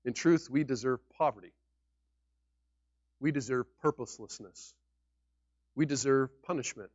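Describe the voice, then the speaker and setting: A man preaching a sermon as pastor, emphatic, with sudden loud peaks on key words. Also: mid-range voice, unhurried, dry recording. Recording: dull lo-fi recording.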